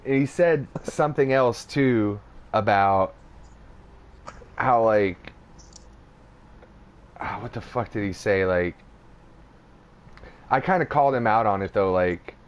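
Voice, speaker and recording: A man's voice: lowish voice, slow pace, long pauses, smooth. A young man hosting a podcast, telling a rambling, profane story in casual chat with lots of fillers. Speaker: podcast host.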